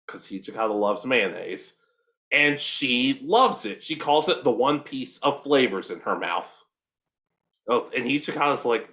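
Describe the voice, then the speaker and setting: Young man, co-host, animated storyteller, lively pitch, casual anime chat. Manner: animated storytelling, quick voices for characters. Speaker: podcast co-host. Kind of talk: casual recap of an anime episode.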